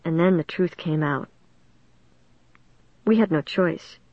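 A woman reading a first-person story aloud in a steady, measured way. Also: on the low side, dry recording, dull audio. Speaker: audiobook narrator.

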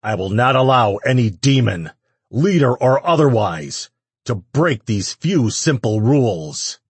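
A man's voice: mid-range voice, big pitch swings, takes it slowly, gravelly, husky, no room sound, voice pushed up, full character voice. Man doing a raging demon lord. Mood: commanding. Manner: loud, growling threats. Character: furious young male demon lord, commanding. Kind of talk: audiobook character voice.

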